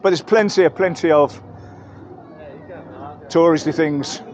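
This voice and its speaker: A man's voice: on the high side, slow, darkish tone, highs cut off. An English man giving a chatty, rambling walking-tour commentary outdoors in busy market streets, correcting himself as he goes. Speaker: travel vlogger.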